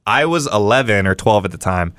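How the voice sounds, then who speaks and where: A young man from Hawaii telling a story casually as a podcast guest, animated and full of fillers and quoted dialogue. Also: fairly low pitch, dry recording. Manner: fast, animated, lots of fillers and acted-out quotes. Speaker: guest streamer.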